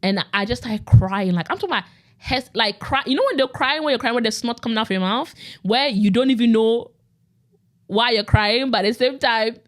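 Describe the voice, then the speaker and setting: A woman's voice: on the high side, lively intonation. A young adult woman telling her personal faith testimony in a casual, conversational way, full of "like" and repeated phrases. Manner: rapid, conversational, with frequent "like" and repetition. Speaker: podcast host sharing her testimony.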